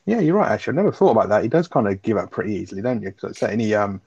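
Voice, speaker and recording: A man's voice: fairly low pitch, very animated, racing, a little mellow, breathy edge, no room sound, lo-fi sound. A man, co-hosting a casual podcast chat, enthusiastic and swearing, with plenty of fillers. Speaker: podcast co-host.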